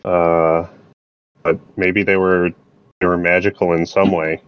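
A man's voice: deep voice, flat delivery, measured pace, clean tone, no room sound, highs cut off. A man taking part as a player in a tabletop role-playing game, speaking hesitantly and thoughtfully. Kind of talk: casual tabletop role-play.

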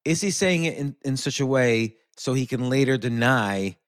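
A man's voice: medium pitch, expressive, moderate pace, no room sound, studio quality. A man hosting a podcast conversation, putting curious follow-up questions to his guest. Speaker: interviewer.

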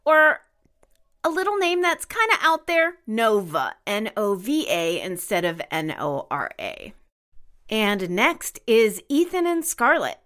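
Woman podcast cohost, bright voice, spells stuff out letter by letter, casual chat. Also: on the high side, sing-song, takes it slowly. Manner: spells names out letter by letter, reads listener suggestions. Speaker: podcast co-host.

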